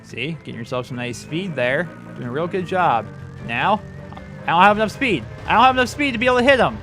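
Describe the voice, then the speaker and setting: A man talks his way through a game in a loose, rambling commentary, his slightly high voice swinging up and down as he exclaims at near misses. He sits at a desk mic, with faint game music underneath. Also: very animated, a little fast, sharp tone. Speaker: gaming channel host. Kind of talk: casual let's-play commentary.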